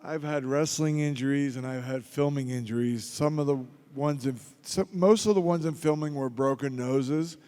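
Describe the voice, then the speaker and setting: Middle-aged man, convention panel guest, dark mellow tone, loose storytelling to a crowd, heard with long hall reverb. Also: medium pitch, moderate pace, few pauses. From Philadelphia. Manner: gruff, joking anecdotes addressed to the crowd. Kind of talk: audience Q&A storytelling.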